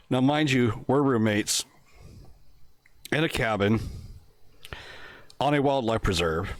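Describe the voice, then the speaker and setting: A man's voice: mid-range voice, slow pace, pauses often, dry recording. A middle-aged man telling a crude story in casual podcast chat, laughing often. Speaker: podcast co-host.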